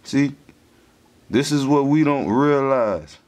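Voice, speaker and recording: A man talks casually into his vlog in a mid-pitched voice. He is slangy and profane, fires off shout-outs, and pushes hard on business advice. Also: takes it slowly. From the Carolinas. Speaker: vlogger starting a business.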